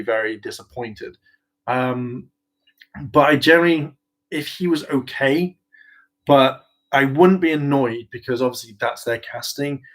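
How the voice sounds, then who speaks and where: A man talking off the cuff to his viewers in a relaxed vlog, his voice sitting at an ordinary middle pitch. He rambles, stops and restarts his thoughts, and fills gaps with ums. Through it all he stays eager and enthusiastic. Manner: enthusiastic, often laughing. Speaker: YouTuber discussing a TV franchise. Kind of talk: casual vlog chat.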